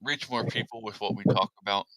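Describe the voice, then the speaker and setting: A man's voice: on the low side, brisk, background noise. A man hosting a casual podcast chat, rambling with lots of fillers and speaking bluntly. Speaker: podcast host.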